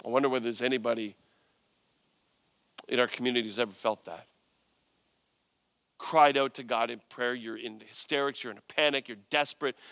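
A man preaching a sermon, retelling a scripture story with animated storytelling and voiced quotes. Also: medium pitch, a little fast, vocal fry, pauses often, dry recording. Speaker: pastor.

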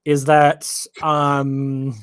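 A man's voice: a little high, completely flat delivery, extremely slow, smooth, no echo, studio quality. A man co-hosting a sports podcast, talking casually and ranting with lots of repeated words. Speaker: podcast co-host.

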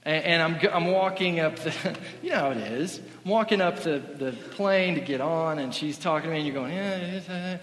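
Animated pastor telling stories in echoey hall. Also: male voice, on the high side, normal speed. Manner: animated, self-deprecating storyteller. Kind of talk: sermon with comic storytelling.

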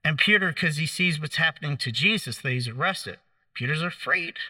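Male preacher, kinda high voice, dry sound, sits a bit far from the mic, acts out the lines while telling the story. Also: moderate pace, no echo. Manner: storytelling, acts out quotes, gentle humor. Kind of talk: sermon.

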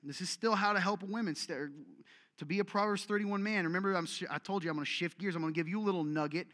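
Male preacher, exhortative and direct, fairly high pitch, long hall reverb. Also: fast talker, a bit bright. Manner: exhortative, direct, repeats commands for emphasis. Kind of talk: sermon. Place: church meeting room with audience.

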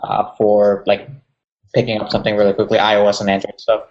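A man's voice: fairly low pitch, monotone, brisk, darkish tone, dull audio. A man co-hosting a casual podcast chat, dropping dry teasing quips. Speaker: podcast co-host.

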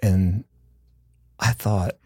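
A man's voice: low-pitched, fairly even intonation, extremely slow, darkish tone, husky, no room sound, studio quality. A man who is a pastor, talking in a podcast conversation with earnest, heartfelt storytelling.

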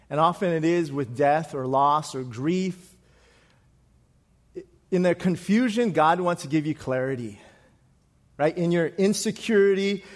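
A man preaching a sermon in a conversational way, asking the congregation questions and dropping to soft, quiet lines for emphasis. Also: on the high side. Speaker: pastor.

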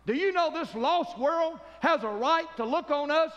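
A man's voice: very high-pitched, animated, moderate pace, fairly bright tone, in a large hall, muffled recording. A man preaching a fervent sermon as pastor, calling for amens from the congregation.

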